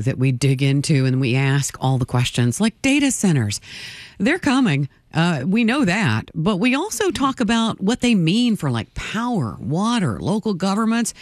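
Lively chatty woman radio host. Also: fairly low pitch, dry recording. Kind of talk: on-air fund drive chat. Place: radio studio. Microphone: studio microphone.

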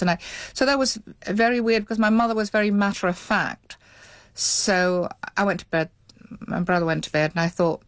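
A woman's voice: lowish voice, lively intonation, normal speed, no echo. A middle-aged woman, interviewed, recalling her childhood in a reflective, hesitant way with many restarts. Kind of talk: reflective recollection.

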